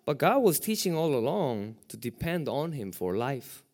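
A middle-aged man, a pastor, preaching a sermon with lively rhetorical questions. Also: medium pitch, moderate pace.

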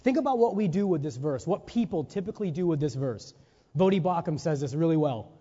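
Male preacher, high mellow voice, sermon with emphatic rhetorical questions, long church-hall reverb, dull lo-fi recording. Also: animated, fairly quick, slightly rough. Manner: rhetorical questions and checks with listeners; emphatic, stressing single words.

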